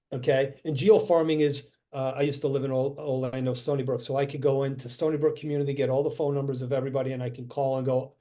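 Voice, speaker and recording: A middle-aged man, a real estate coach, giving an energetic motivational talk on a video call and acting out phone calls as he tells stories. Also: mid-range voice.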